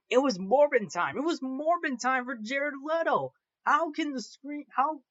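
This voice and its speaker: A man's voice: on the high side, fairly bright tone, dry recording, muffled recording. A man hosting a movie commentary show, talking off the cuff in a rambling way, restarting and repeating phrases as he rants. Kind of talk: casual unscripted movie commentary.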